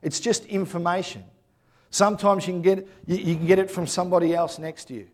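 Male preacher, conversational sermon delivery with frequent "yeah?" check-ins, slightly high voice. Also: fairly even intonation, fairly quick.

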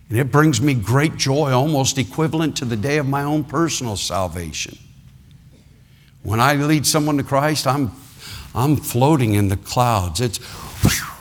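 Animated, lively-voiced male pastor. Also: medium pitch. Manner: animated storytelling, rising to fervent preaching. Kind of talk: sermon.

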